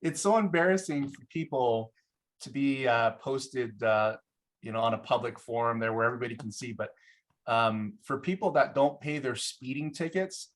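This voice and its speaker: A man's voice: mid-range voice, normal speed. Brief: man, casual course presenter, chuckling, filler-heavy storytelling. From Samoa.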